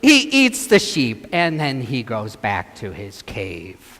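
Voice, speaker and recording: A man's voice: on the low side, huge pitch swings, takes it slowly, a bit bright. A man, a priest, telling a gospel story with children acting it out, directing them as he goes. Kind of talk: children's sermon with acted gospel. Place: church. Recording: long church reverb.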